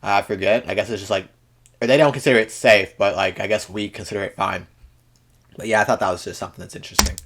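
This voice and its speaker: A man's voice: lowish voice, steady tone, fast, gravelly, a bit bright. A man hosting a reaction video, making casual joking comments full of fillers and mock-serious rants.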